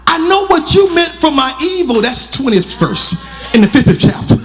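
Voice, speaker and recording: High-voiced preacher shouting a sermon. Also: male voice, big pitch swings, moderate pace, faint music behind. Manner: preaching with rising shouts and sung cadences, calling on the congregation. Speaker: pastor. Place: church sanctuary.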